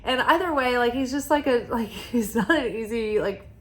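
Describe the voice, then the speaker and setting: A woman's voice: a little high, moderate pace, a little hiss or hum. A woman reading oracle cards in a casual vlog, talking in a rambling, confiding way with lots of "like" fillers. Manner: soft and quiet at times, with sighs and laughs. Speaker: oracle card reader.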